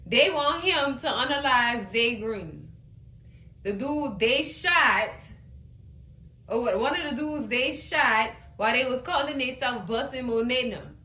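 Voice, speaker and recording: Woman, high voice, bright tone, casual animated recap, roomy echo. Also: measured pace. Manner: animated, exclaiming and laughing between comments. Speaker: TV recap host.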